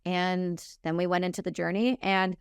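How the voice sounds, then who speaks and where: A woman in her thirties from Canada, a military veteran telling her story frankly and with emotion in an interview, quoting others in quick dialogue. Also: on the low side, little pitch movement, smooth, dry recording, studio quality. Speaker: podcast guest, military veteran.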